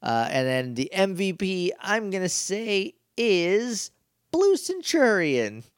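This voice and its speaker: Podcast co-host, male, higher voice, rambles through an episode recap, dry close sound. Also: big pitch swings, slow, clear, resonant tone, dry recording. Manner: rambling, with many restarts and acted quotes. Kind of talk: casual chat recapping a TV episode.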